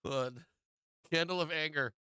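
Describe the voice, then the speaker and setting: A man hosting a live trading stream, swinging between loose joking banter and calmer market talk, laughing often and swearing freely. His voice is bright and crisp, sitting a little high for a man. The sound is close and dry, with no room around it. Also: unhurried, no echo. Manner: profane, joking, laughs often, animated bursts. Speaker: stock market livestream host. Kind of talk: casual live trading commentary.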